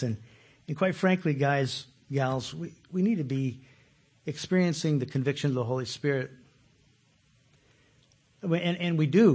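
Man, pastor, conversational sermon, husky voice, fairly high pitch, stumbles and repeats words. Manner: conversational, animated, laughs often; repeats words when starting sentences.

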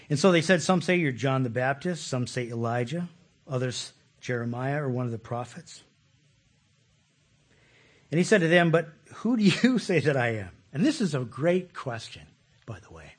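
Husky-voiced man preaching a lively sermon. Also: mid-range voice, moderate pace, pauses often. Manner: conversational, animated, laughs often; repeats words when starting sentences. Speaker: pastor.

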